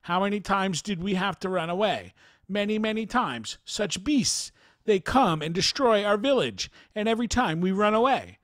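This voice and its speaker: A man's voice: sits high, expressive, normal speed, a bit bright, dry recording, clean studio sound, voice pushed up. A man voicing an anxious villager who urgently insists his people will no longer flee. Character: anxious male villager, defiant yet fearful.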